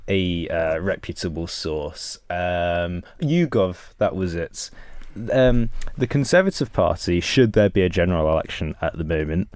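A man's voice: deep voice, expressive, measured pace, a little mellow, clean tone, dry recording, clean studio sound. A man as a guest on a casual political chat show, talking hesitantly with many fillers.

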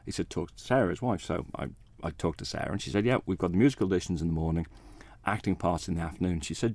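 A man, a bass player, chatting as a radio guest in a modest, rambling way, acting out what others said to him. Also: expressive, quick pace, no echo. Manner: modest, rambling, acts out quoted talk. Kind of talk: casual interview chat.

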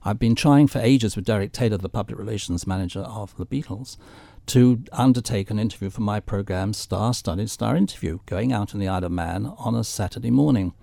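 A man's voice: lowish voice, fairly quick, creaky, few pauses, mellow, no room sound. An older man telling theatrical anecdotes as a guest on a radio chat show. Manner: theatrical storyteller.

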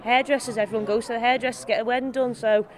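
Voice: medium pitch, fairly even intonation, quick pace. A performer explaining offhandedly how their sketch came about. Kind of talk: casual chat.

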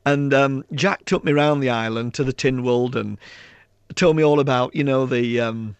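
A man with a gravelly, creaky edge to his voice tells lively anecdotes in an interview, mimicking the people in his stories. He sits close to the mic in a dry room with no echo. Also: medium pitch, normal speed. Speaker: author and public speaker, guest.

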